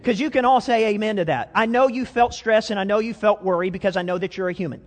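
High-voiced male preacher in a hall. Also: fast. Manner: conversational, self-deprecating, many restarts. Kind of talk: sermon. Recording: long reverb of a hall.

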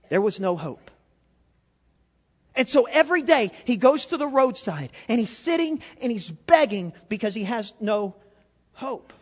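In a reverberant hall, a man preaches a sermon, questioning the congregation and weaving in a story. His voice is extremely high, with big pitch swings, a breathy edge and an unhurried delivery.

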